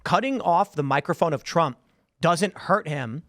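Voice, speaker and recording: A man's voice: fairly high pitch, animated, unhurried, a bit bright, dry recording, studio quality. A male show host in casual panel chat, emphatic and repeating words as he argues.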